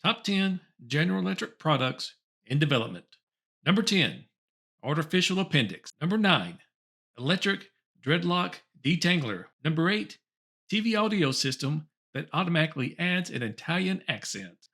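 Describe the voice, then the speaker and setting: A man's voice: on the high side, sing-song, normal speed, vocal fry, a bit bright. A man hosting a comedy show, reading old top ten lists aloud with chuckles and wry asides. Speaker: host.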